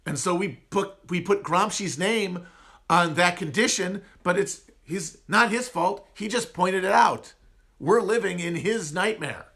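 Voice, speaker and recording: A man with a nasal upper Midwest twang chats casually on a livestream, wandering from point to point and poking fun at himself. His voice sits a little high and comes out bright and pushy. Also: a little slow, creaky. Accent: upper Midwest American. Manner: rambling, digressive, self-mocking. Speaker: podcast host answering chat.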